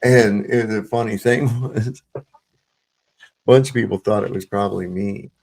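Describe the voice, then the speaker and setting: A man's voice: fairly low pitch, fairly even intonation, normal speed, gravelly, darkish tone, breathy edge. A man hosting a live-stream panel, telling a rambling story full of swearing and restarts. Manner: profane, rambling, with many fillers and restarts.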